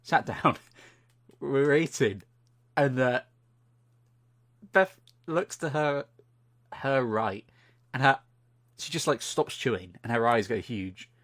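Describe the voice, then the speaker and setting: A man's voice: mid-range voice, slow, pauses often, a bit bright. A young British man, co-host of a podcast, telling a funny anecdote in casual chat and swearing freely.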